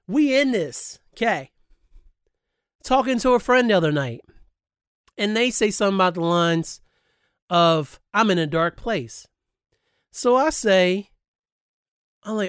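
A man with a high, slightly bright voice hosts a podcast, recorded clean in the studio with no echo. He's an adult past high school age, speaking candidly and emphatically in a personal monologue and swearing freely.

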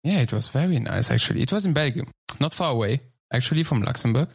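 Guy co-hosting, jokey and halting, dry close mic. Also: mid-range voice, lively intonation, vocal fry, husky, no echo. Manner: joking, halting speech. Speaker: co-host. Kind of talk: casual podcast banter.

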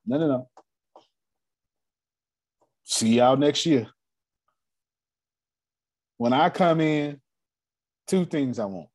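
A man coaching a live audience on business cash flow, animated and repetitive. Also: mid-range voice, very slow, pauses often, no room sound. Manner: animated, repetitive, drops into playful put-on voices. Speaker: finance coach. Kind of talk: live online business teaching.

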